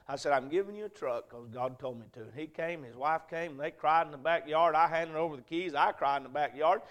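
A man in his thirties with a Southern American accent, preaching a sermon in a church and telling folksy, rambling stories, dropping to a quiet voice and then rising loud. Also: on the high side. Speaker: pastor. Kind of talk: sermon storytelling.

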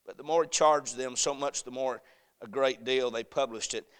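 A pastor preaching an evening sermon, rising to impassioned shouting and falling to a hushed prayer. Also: male voice, medium pitch, moderate pace, smooth. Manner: fervent preaching that swells to shouting, then drops to a hushed prayer.

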